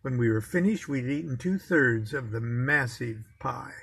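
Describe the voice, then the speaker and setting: A man's voice: mid-range voice, animated, unhurried, vocal fry, a bit bright, husky, no echo. A man reading aloud from his own memoir, telling the story in a wry, self-mocking way.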